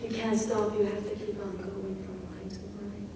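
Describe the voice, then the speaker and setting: A woman poet giving a craft talk who reads lines of a poem aloud slowly and dwells on their sounds. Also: mid-range voice, little pitch movement, noisy background. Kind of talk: lecture on poetry craft. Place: lecture hall. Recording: echoey hall from far off.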